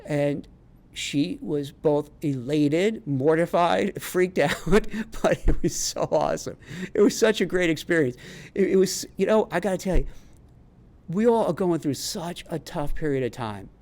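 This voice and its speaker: A chatty middle-aged man with a New York accent and a slightly high voice. He rambles freely, restarting sentences as he talks straight to camera in a homemade vlog. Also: animated, unhurried, a little mellow. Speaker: career advice vlogger and recruiter. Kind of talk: casual homemade vlog monologue.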